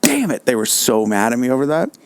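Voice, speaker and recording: A man with a mid-range voice hosts a casual chat, relaxed and quick to laugh. He swears freely, and his voice sounds close and dry. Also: mid-range voice, clean tone, no room sound.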